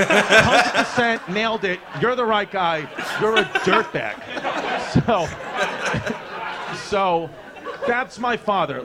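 A man, doing profane, rambling stand-up storytelling on a club stage. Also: sits high. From New York. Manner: brash, profane, rambling with fillers. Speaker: stand-up comedian. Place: comedy club stage with live audience.

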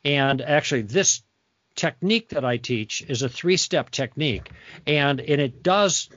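A man's voice: medium pitch, animated, measured pace, fairly bright tone. A man being interviewed as a guest author, explaining conversation tactics in a teacherly way and acting out sample dialogue. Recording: dull lo-fi dry sound.

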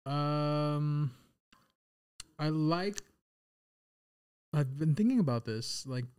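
A man's voice: fairly high pitch, lively intonation, extremely slow, darkish tone, clean tone. A man in his twenties, a guest on a casual podcast, rambling with many "like"s and the odd swear word. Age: 20s. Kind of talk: casual chat.

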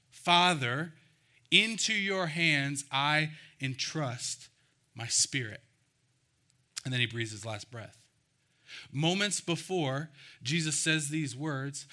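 A man preaching a sermon, reading scripture slowly and speaking earnestly with deliberate pauses. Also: a little high, pushed and bright. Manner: earnest, pauses to let lines land, reads scripture slowly. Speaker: pastor.

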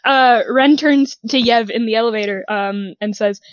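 A woman's voice: on the high side, normal speed, no echo. Hesitant woman player, dull dry audio. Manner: hesitant, with many uhs. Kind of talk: casual tabletop play.

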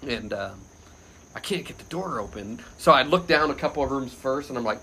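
Animated man telling a story, bright voice. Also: medium pitch, a little fast, a little hiss or hum. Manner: animated, loose, frequent laughter, shouts quoted lines loudly. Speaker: podcast guest. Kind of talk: casual anecdote storytelling.

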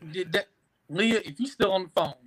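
Man, high-pitched, casual sports banter, crowd chatter behind. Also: poor audio. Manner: animated, teasing, halting restarts.

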